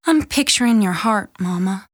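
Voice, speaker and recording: A woman doing a soft, menacing teen girl. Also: medium pitch, animated, moderate pace, no echo, clean studio sound, close to an everyday voice. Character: teenage girl with cold eerie powers.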